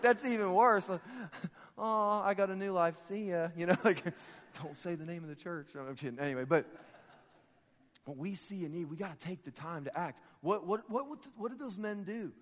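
A pastor gives a relaxed, funny sermon with a personal story, joking with the congregation as though chatting with friends. His slightly high voice is often interrupted by his own laughter mid-sentence. Each phrase trails off into the long reverb of a large church hall.

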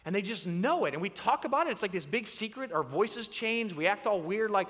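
A male pastor mixes scripture with comic storytelling. His voice sits high and swings a lot. A long reverb trails behind it, as in a big hall. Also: fairly quick, few pauses. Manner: animated, acts out voices.

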